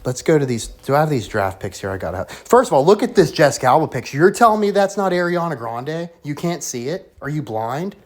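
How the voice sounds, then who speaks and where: A man hosting a sports predictions show, rambling through conspiratorial theories in a profane, sarcastic, excitable way. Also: fairly high pitch, fairly quick, hardly any pauses. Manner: profane, sarcastic, excitable, talks about himself as Coach.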